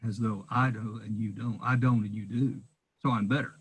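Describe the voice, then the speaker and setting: Husky-voiced preacher, emphatic. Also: male voice, mid-range voice, fairly even intonation, normal speed, fairly bright tone, low-quality recording. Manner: emphatic, firm opinions. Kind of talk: casual discussion.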